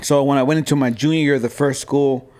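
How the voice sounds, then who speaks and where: A man's voice: mid-range voice, quick pace. A man in his forties from Southern California, telling a story in a casual podcast chat, acting out voices and slipping into Spanish. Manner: animated storyteller, acts out voices and slips into Spanish.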